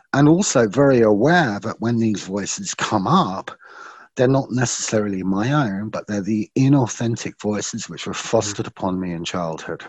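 A man guest on a podcast, reflectively telling a personal story in an earnest way and slowing down for emphasis. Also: fairly low pitch, a little mellow, slightly rough, no room sound.

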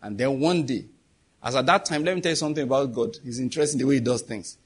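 A man's voice: medium pitch, fast, breathy edge. A middle-aged man preaching a sermon in an emphatic, conversational way, firing off rhetorical questions.

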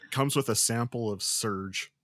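A man's voice: medium pitch, moderate pace, fairly bright tone, dry recording. Dry-voiced man teasing his co-hosts. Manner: teasing, ribbing the others with dry jokes. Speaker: podcast co-host. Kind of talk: casual podcast chat.

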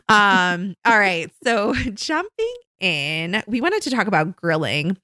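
A woman in her thirties co-hosting a podcast, chatting casually and telling animated stories about her kids. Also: takes it slowly, few pauses, no echo, clean studio sound. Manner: animated storytelling, imitates her kids in high voices. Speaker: podcast co-host. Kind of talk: casual chat.

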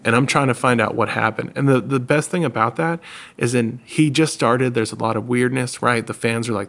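A man who makes documentaries, chatting casually and telling stories with animated, laughing delivery. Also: mid-range voice, normal speed, gravelly. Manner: animated storyteller, laughs often, mimics others. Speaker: documentary filmmaker. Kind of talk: casual conversation.

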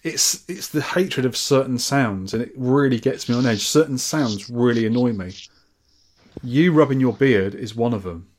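A man co-hosts a relaxed podcast at a close mic. He trades dry, teasing jokes at an everyday middle pitch. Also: moderate pace. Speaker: podcast co-host. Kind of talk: casual chat.

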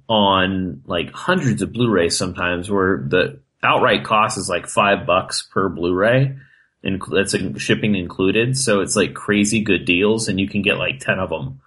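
A man's voice: low-pitched, bright, forceful tone, poor audio. A man co-hosting a podcast in loose casual chat, swearing a lot and filling his talk with "like". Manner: loose, heavy swearing and filler "like". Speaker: podcast co-host.

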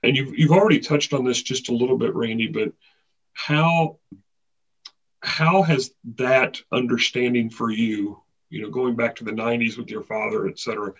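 A man interviewing a guest, asking long, halting questions filled with fillers. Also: medium pitch, breathy edge. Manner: measured, halting, many fillers. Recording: dull lo-fi sound.

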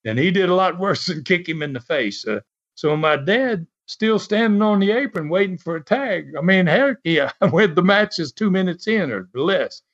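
A man's voice: sits high, animated, normal speed, a bit bright. A man as an interview guest, telling a story in a casual, chatty way and laughing often. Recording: dull lo-fi sound.

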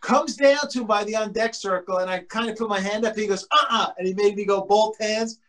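Guy with a high voice telling baseball stories, animated, acts out what teammates said, swears a bit. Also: fairly quick. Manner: swears casually. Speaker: former baseball pitcher as guest. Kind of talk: casual anecdotal storytelling.

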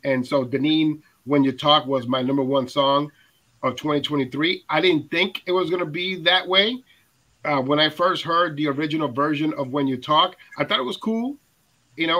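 An enthusiastic man hosting a music countdown chat. His voice sits a little high and sounds bright and forceful, with plenty of fillers. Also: poor audio. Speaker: radio countdown host. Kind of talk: casual panel chat.

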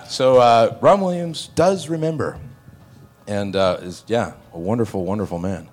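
A man on a convention panel telling long stories, lively and acting out the voices of the people he quotes. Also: mid-range voice, moderate pace, a little hiss or hum. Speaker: panel guest actor.

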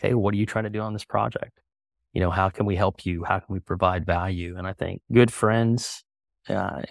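A middle-aged man talking casually as a podcast guest, relaxed and full of fillers. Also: on the low side, gravelly, dry recording, clean studio sound. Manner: relaxed, conversational, many fillers. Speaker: guest, company co-founder.

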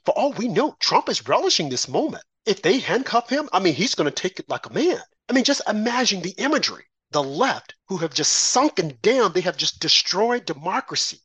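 A man's voice: on the high side, fairly bright tone, no echo. A middle-aged American man hosting a political talk show, delivering an emphatic, repetitive, preachy monologue. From United States. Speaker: host.

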